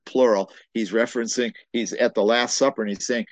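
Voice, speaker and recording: A man's voice: on the low side, brisk, hardly any pauses, dry recording. A man preaching a sermon, emphatic and repetitive, quoting scripture and often restarting his phrases.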